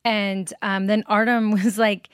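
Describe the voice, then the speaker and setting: A woman's voice: mid-range voice, unhurried, clear, resonant tone, no echo, clean studio sound. A woman in her thirties, a podcast guest, telling a personal story in casual chat and acting out the quotes. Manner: animated storyteller, acts out quotes, laughs often.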